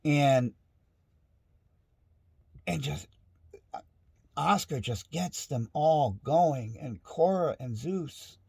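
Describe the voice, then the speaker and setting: A man's voice: a little high, expressive, very slow, creaky, pauses often, darkish tone, breathy edge, no room sound, studio quality. A middle-aged man in a casual, rambling monologue at home, frustrated and restarting often. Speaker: vlogger. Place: home with dogs nearby.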